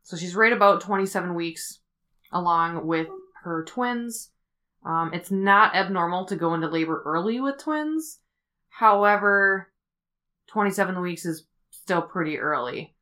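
A woman hosting a podcast, telling a story in a casual, rambling way with many fillers as she thinks out loud. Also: lowish voice, expressive, a little slow. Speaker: podcast host.

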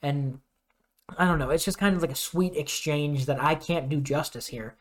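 A young man co-hosting a podcast, chatting casually and animatedly retelling scenes with quick put-on voices. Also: on the high side. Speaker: podcast co-host. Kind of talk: casual chat.

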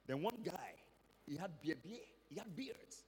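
Animated Nigerian pastor in a reverberant hall. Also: male voice, a little high, a little slow. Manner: animated storyteller acting out dialogue. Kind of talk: sermon testimony.

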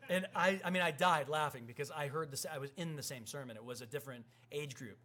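Man, thirties, pastor, animated sermon, fairly high voice, acts out voices. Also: fast talker.

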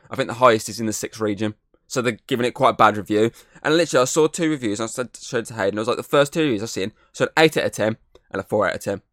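A man co-hosts a podcast, rambling on in casual chat, heavy on fillers and swearing. His voice sits at an ordinary pitch for a man. It is recorded close and dry, with no room sound. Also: fairly bright tone, no echo. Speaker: podcast co-host.

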